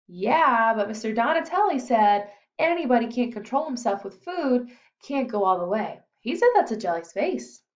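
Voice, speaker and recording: A woman's voice: on the high side, expressive, normal speed, lo-fi sound, close to an everyday voice. A woman voicing a friendly, chatty teenage boy who works as an assistant trainer.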